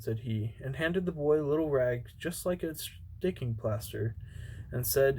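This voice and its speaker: A man's voice: mid-range voice, lively intonation, measured pace, darkish tone, a little hiss or hum, poor audio. A man reading a fairy tale aloud, unpolished, with frequent stumbles and restarts. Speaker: amateur reader.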